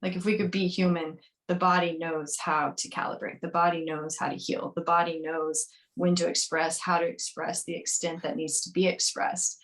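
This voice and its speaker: A woman physician talking candidly in a podcast interview, lively and full of fillers, acting out the voices of people she quotes. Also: lowish voice, normal speed, few pauses. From grew up on a farm. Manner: animated, acts out quoted voices, frequent fillers. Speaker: naturopathic physician guest.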